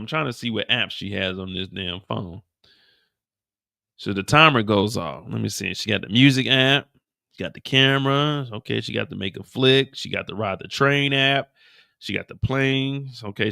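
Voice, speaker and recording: Animated profane man recapping a show. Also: mid-range voice, moderate pace, gravelly. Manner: animated, profane storytelling with acted-out quotes. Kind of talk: casual episode recap.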